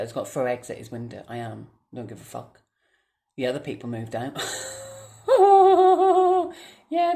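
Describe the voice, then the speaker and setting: A young woman, vlogging at home. She swears constantly and swings between low mutters and angry shouting. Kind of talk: casual vlog rant. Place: home, indoors.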